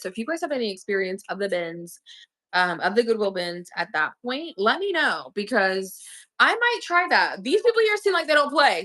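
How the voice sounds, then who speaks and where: A young woman with a slightly high voice chats on her livestream. She is talkative and slangy, addressing viewers directly. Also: pushed and bright. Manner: chatty, slangy, talks to viewers and her pet. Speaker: online reseller hosting a livestream. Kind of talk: casual livestream chat.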